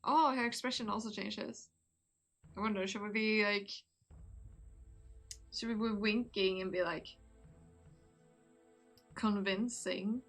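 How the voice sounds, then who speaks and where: A young woman streamer reads a story out on a live stream, breaking off often to giggle and chat with her viewers. Her voice is bright and forceful at a mid pitch, and soft music plays in the background. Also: steady tone, slow pace, long pauses.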